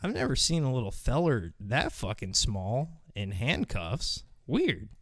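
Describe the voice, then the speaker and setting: A man's voice: mid-range voice, huge pitch swings, a little slow, a bit bright, slight background noise. A male show host giving casual, rambling, profane commentary on video clips.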